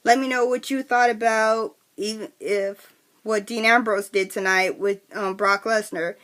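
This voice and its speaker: Casual woman vlogger, mid-pitched, eager and rambling, lots of restarts. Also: a little slow. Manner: chatty, excitable, many restarts and fillers. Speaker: wrestling vlogger. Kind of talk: casual recap vlog.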